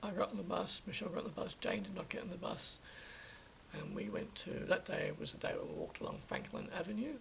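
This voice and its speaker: High, gravelly man telling a story. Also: brisk. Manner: animated retelling with acted-out quotes and many restarts. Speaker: vlogger. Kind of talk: casual storytelling. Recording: dull lo-fi sound with faint hiss.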